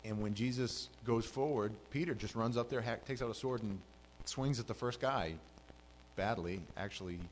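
A man preaching a sermon as pastor, telling the story with animated swings between loud, fervent passages and hushed asides. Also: mid-range voice, normal speed, a little hiss or hum, low-quality recording.

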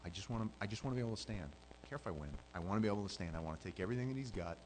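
A quiet, earnest underdog boxer, weary but determined, as a preacher puts him on in a low voice, with a faint hum behind. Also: male voice, expressive, very fast, lightly acted, low-quality recording.

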